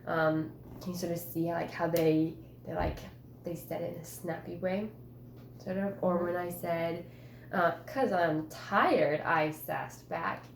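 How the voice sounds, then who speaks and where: A woman's voice: on the low side, little pitch movement, a little slow, gravelly, echoey room, slight background noise. A woman teacher guiding a writing conference, chatty and encouraging, with many fillers.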